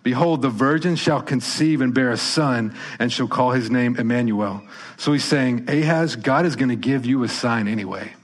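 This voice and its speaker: A man preaching a sermon as pastor, conversational and emphatic, swinging between loud punches and soft, quiet lines. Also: mid-range voice, moderate pace.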